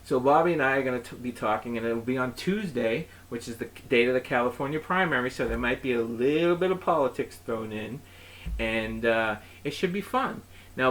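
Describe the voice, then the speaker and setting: Male host, mid pitch, animated comic storyteller, exasperated rants. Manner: animated, exasperated retelling with acted-out quotes. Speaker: host of his own chat show. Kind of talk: comedic storytelling monologue.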